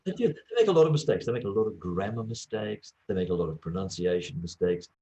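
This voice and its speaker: A man who works as an English teacher and former examiner, talking through teaching advice in a relaxed interview and acting out little classroom exchanges. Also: low-pitched, quick pace. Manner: lively, acts out little classroom dialogues. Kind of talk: conversational interview.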